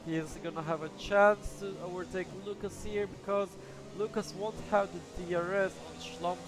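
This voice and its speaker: A race commentator with a high, steady, creaky voice speaks at a normal speed over background music. He gives casual, hesitant live commentary on an online racing league, thinking out loud as the action unfolds.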